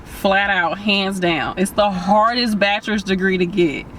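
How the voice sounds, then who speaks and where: A woman's voice: mid-range voice, fairly even intonation, measured pace, a bit bright, slight background noise. Emphatic woman host. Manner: emphatic, encouraging, rallying viewers. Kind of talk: casual interview chat.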